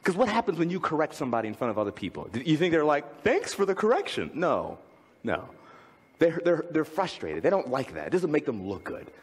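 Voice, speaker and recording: Lively pastor preaching a sermon. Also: male voice, brisk, husky, long reverb tail. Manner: lively, swings from high to low when reading aloud. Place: church.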